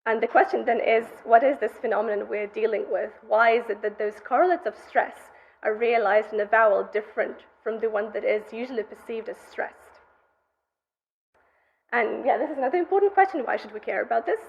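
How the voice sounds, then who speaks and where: Gravelly woman giving an academic lecture. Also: fairly high pitch, brisk. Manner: methodical, explanatory delivery. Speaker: graduate student presenting research. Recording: dull, muffled lecture recording.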